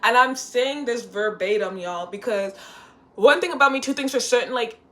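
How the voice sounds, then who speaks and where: A young woman chatting casually in a sit-down storytime, animated and full of "like" and "y'all", talking at home. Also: a little high, moderate pace. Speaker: vlogger. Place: indoors at home, seated.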